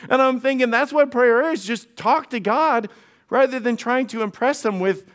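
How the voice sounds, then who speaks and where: A man's voice: extremely high pitch, moderate pace, a bit bright. A male pastor preaching a sermon in a conversational, humorous way, often restarting and repeating words. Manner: conversational, frequent restarts and repetitions; humorous storytelling.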